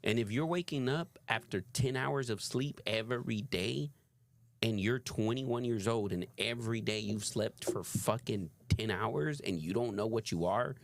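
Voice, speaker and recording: A man's voice: lowish voice, measured pace, vocal fry. A man co-hosting a reaction video, giving emphatic commentary and swearing freely. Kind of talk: casual opinionated commentary.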